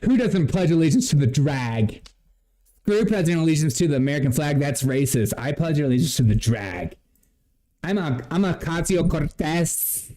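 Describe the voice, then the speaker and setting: Sarcastic dude hosting a comedy stream, kinda dark warm voice, keeps laughing and talking to chat. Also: male voice, on the high side, expressive, moderate pace. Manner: mocking, laughing, chatty with viewers. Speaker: livestream host. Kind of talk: sarcastic comedy livestream commentary.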